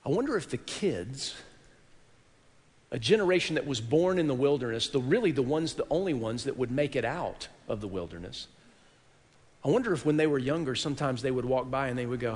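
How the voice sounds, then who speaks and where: A man preaching a sermon in a church, telling a story dramatically and swinging from hushed tones to loud peaks. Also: medium pitch, animated, brisk, long reverb tail. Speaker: pastor. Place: church worship hall.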